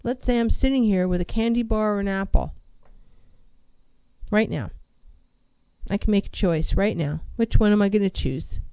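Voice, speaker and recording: A woman counselor speaks in a mellow, warm voice, recorded dry and close. She talks with emphasis, stacking rhetorical questions and repeating her key phrases to drive them home. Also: medium pitch, moderate pace, long pauses, clean tone, no echo, low-quality recording. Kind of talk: motivational talk on mental health.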